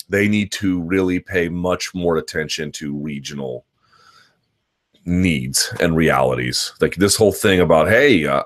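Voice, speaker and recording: Deep-voiced man analyzing fights, thinking aloud. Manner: analytical, talks in long, looping sentences with restarts. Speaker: host of a combat sports live chat. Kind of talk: unscripted live-stream commentary.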